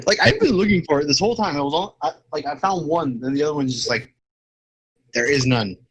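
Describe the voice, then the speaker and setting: A man's voice: a little high, animated, fairly quick, pauses often, a bit bright, a little hiss or hum, rough recording. A man chatting casually as a player at a tabletop game, joking and sarcastic. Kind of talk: casual chat.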